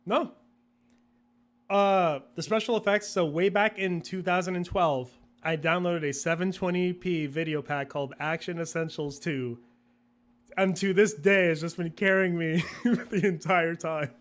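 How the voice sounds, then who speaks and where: A young man with a fairly high voice talks through his process in a loose, rambling way. He laughs often and slips into quoting his own past thoughts as little asides. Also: unhurried. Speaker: guest, video creator. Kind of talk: casual interview chat.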